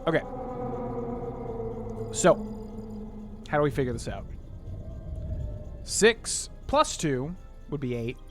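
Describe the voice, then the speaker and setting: A man narrates his gameplay in a casual let's-play style, voice sitting a touch high for a man. He counts sums half under his breath and grumbles with mock exasperation. Faint music plays underneath. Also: sing-song, slow pace, long pauses. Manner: thinks aloud, counting and muttering sums to himself. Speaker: streamer playing a video game.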